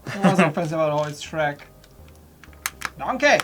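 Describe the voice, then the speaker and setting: A man's voice: a little high, lively intonation. Joking man, noisy keyboard clicks. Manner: joking, chatty, quick to laugh. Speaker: co-host of a live LEGO build stream. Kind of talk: casual chat while building.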